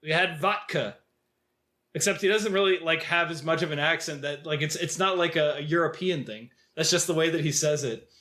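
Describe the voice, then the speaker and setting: A man's voice: fairly high pitch, fairly quick, hardly any pauses, pushed and bright. A man co-hosting a film podcast, rambling in casual talk with lots of filler words. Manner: rambling, heavy use of "like" fillers. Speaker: podcast co-host.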